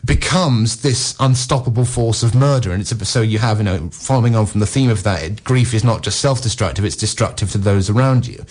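Low-voiced man rambling through a film review. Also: brisk, few pauses, darkish tone. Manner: discursive, peppered with "you know" and "no"; acts out characters' lines in passing. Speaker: film critic. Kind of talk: casual radio film review chat.

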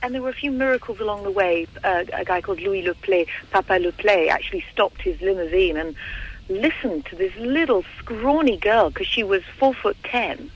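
A woman's voice: mid-range voice, normal speed, dull audio. Enthusiastic woman singer on the phone. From England. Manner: enthusiastic, effusive. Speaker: singer and interview guest. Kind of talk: phone interview. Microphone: telephone.

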